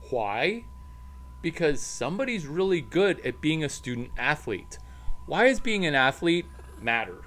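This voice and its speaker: Slow-talking playful man rambling. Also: fairly high pitch, sing-song, a bit bright, rough recording. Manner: playful, jumps between topics, coos at his dog. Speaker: entrepreneur vlogger. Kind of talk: rambling casual monologue.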